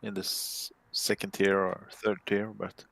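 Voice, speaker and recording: A man joining a gaming stream as co-player, answering in a hesitant, halting way. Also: low-pitched, flat delivery, gravelly, a bit bright, no room sound. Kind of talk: casual chat.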